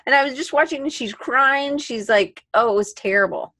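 A woman's voice: sits high, moderate pace, bright, forceful tone, no echo, clean studio sound. A woman hosting a casual live podcast chat, telling stories and acting out her own reactions. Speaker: podcast host.

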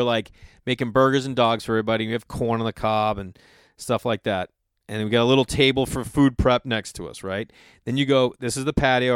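A man's voice: mid-range voice, clear, resonant tone, no room sound, clean studio sound. A man telling a comic story in a loose monologue, swearing freely and acting out what other people said. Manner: animated, profane, acts out other people's lines.

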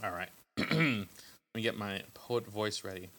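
Bright-voiced joking man hosting. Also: lowish voice, slow. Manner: joking, loose, with frequent ums. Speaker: podcast host. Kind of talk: casual comedic podcast chat.

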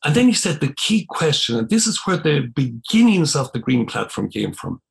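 An older Irish man, a priest, telling a long personal story in conversation, animated and rising in pitch when he quotes himself. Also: normal speed, vocal fry. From Ireland.

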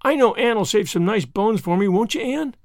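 A man's voice: high-pitched, expressive, brisk, dry recording, clean studio sound, pitched above the performer's own voice. A man voicing a mischievous small boy who whimpers and pleads. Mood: wheedling.

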